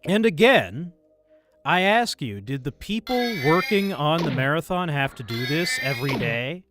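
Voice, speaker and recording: A man streaming a game, muttering calming mantras to himself between bursts of frustrated swearing. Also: on the high side, unhurried. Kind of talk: live game commentary. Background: faint game music.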